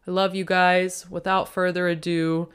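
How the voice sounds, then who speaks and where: A woman hosting her own podcast, talking casually and playfully with a self-deprecating streak. Her voice sits a little low for a woman and comes through smooth and clear. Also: flat delivery, a little slow. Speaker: podcast host. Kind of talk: casual podcast intro monologue.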